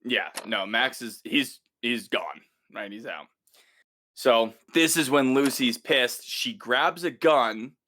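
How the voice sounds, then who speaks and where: Animated bright-voiced man recapping a show. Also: mid-range voice, slow pace. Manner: animated retelling, acts out the characters' lines. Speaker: podcast co-host. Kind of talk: casual recap chat.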